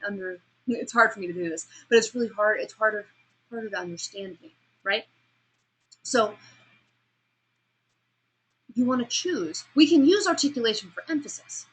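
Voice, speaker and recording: A woman lecturing a class on vocal delivery, asking students questions and demonstrating sounds, pace and pauses herself. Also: fairly high pitch, expressive, fairly bright tone, slightly rough, low-quality recording. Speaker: speech instructor.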